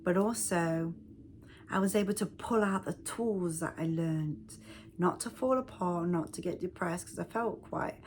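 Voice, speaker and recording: A woman's voice: fairly low pitch, unhurried, darkish tone, a little hiss or hum. A woman, a self-help speaker, telling a personal story in a casual, rambling way with frequent restarts.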